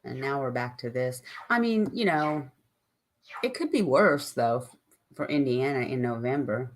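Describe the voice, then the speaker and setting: A woman's voice: extremely low pitch, expressive, unhurried, slight background noise. An older woman hosting a live stream, chatting casually and ramblingly with her viewers and answering their comments.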